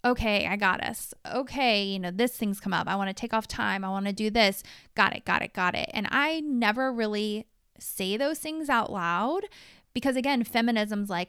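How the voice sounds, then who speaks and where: A woman's voice: medium pitch, moderate pace, a bit bright, clear, resonant tone, dry recording, studio quality. A woman in her thirties hosting a podcast, talking frankly and confessionally about her life, with casual swearing. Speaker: podcast host. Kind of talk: candid personal monologue.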